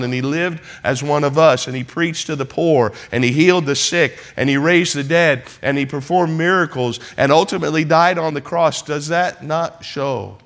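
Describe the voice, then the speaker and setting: A man's voice: mid-range voice, fairly bright tone. A man preaching a sermon in church, building repeated refrains that rise into emphatic passages. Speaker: pastor.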